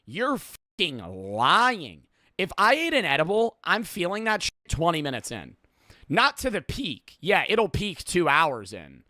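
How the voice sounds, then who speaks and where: A man in his twenties rambling through profane, lively stories and reactions as a streamer. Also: high voice, moderate pace, dry recording, clean studio sound. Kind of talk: casual reaction commentary.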